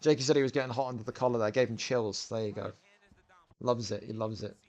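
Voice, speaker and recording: A man's voice: medium pitch, steady tone, quick pace, darkish tone. A man hosting and commentating a video game fighting event, chatty and bantering as he rambles through the action. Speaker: commentator and host.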